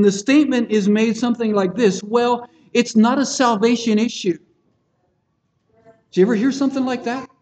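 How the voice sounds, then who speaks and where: A man with a high voice and darkish tone preaches a sermon in an earnest, plain-spoken way. He often restarts phrases and checks in with his listeners, captured in a dull lo-fi recording.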